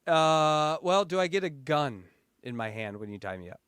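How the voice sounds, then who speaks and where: A man co-hosting a podcast in crude casual banter, loud and laughing as he rants. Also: a little high, normal speed, clean tone, no room sound, studio quality. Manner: loud, laughing, animated ranting. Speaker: podcast co-host.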